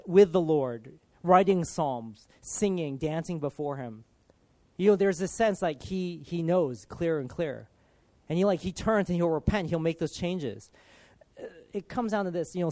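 A preacher delivers an informal, conversational sermon, earnest and full of casual filler. His voice sits on the high side with no echo, swinging from loud emphasis to soft, hushed lines.

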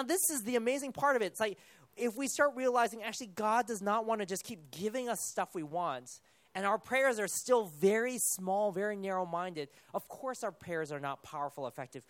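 Man, sermon, chatty and animated, dry close sound. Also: high voice, dry recording. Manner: conversational, animated, self-correcting asides. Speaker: preacher.

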